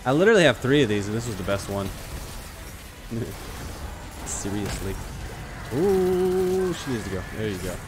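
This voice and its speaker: A man giving live commentary while playing an online shooter, excitable and joking, trash-talking his opponents. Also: medium pitch, a little fast, background noise. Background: faint background music.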